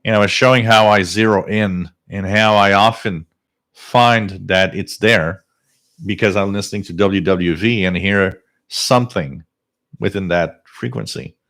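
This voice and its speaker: A man's voice: lowish voice, measured pace. Fired-up man ranting on a live stream. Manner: ranting, emphatic, rises to near shouting. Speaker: host of a live shortwave radio stream. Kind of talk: live-stream talk and rant.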